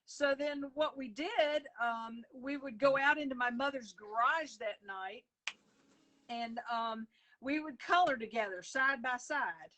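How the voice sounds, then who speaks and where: A woman recounts stories in a loose, rambling way, full of fillers and restarts. Her voice sits a touch high and rings bright. She is on a phone video call from home. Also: measured pace. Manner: rambling storyteller with many fillers. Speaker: guest, coloring book author. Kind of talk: casual chat over video call.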